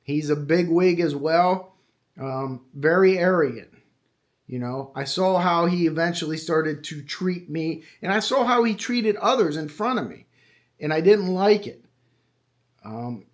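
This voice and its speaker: A middle-aged man hosting a true crime podcast, talking casually and with strong opinions, often pausing on fillers. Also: fairly high pitch. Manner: conversational, opinionated, with frequent fillers. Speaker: true crime podcast host and retired detective. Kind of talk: casual monologue.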